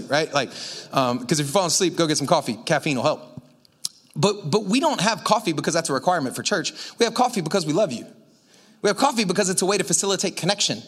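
Male pastor, high voice, lively and chatty preaching, talks straight to the room. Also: fast talker. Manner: energetic, chatty, lots of "like" and asides to the crowd. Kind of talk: casual sermon.

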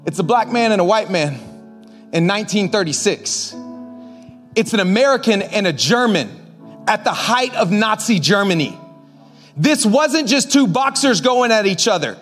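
A male pastor preaching a sermon to a congregation in a church, emphatic, shifting from quiet asides to shouted commands and joking with the crowd. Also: high voice, lively intonation, normal speed, soft background music. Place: church sanctuary before a congregation.

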